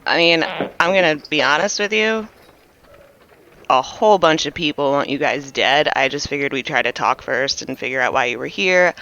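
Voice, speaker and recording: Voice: mid-range voice, normal speed, sharp tone. A player in a tabletop game, talking in a joking, chatty way, partly in character. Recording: dull lo-fi mic with faint hiss.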